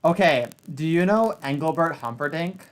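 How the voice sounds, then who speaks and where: A man hosting a podcast, chatting casually, with a profane and animated ranting manner. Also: fairly high pitch, normal speed. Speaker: podcast host. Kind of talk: casual chat.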